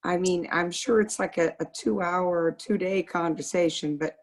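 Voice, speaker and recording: A woman's voice: fairly low pitch, steady tone, normal speed. A woman on a video call asking the speaker a question about his book. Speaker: audience member asking a question.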